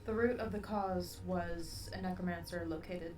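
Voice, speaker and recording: A woman's voice: on the low side, fairly even intonation, normal speed, darkish tone, far from the mic, slight background noise. A woman as a player in a tabletop game, earnestly describing her character's actions. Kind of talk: tabletop role-play. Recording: roomy, away from the mic.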